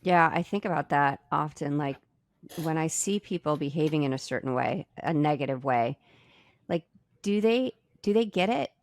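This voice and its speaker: Low gravelly lady cohosting a chat show, thinks out loud, dry close sound. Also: lively intonation, normal speed, dry recording. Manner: reflective, thinks aloud with restarts. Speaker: podcast cohost. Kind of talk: casual chat.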